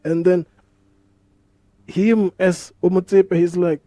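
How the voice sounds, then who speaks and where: A man's voice: medium pitch, measured pace, pauses often, warm tone, dry recording. A man hosting a podcast, talking casually in a rambling, profane way full of street slang. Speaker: podcast host. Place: podcast studio.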